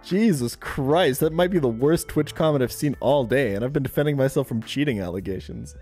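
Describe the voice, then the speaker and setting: A young man from Germany with a German accent, reacting to memes in a sarcastic, profane, animated way as a streamer. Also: medium pitch, fast, faint music behind. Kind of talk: casual meme reaction commentary.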